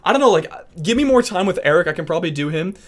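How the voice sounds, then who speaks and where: A young man streaming, chatting casually with viewers, animated and rambling with frequent restarts. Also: high voice, racing. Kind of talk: casual chat reacting to viewers.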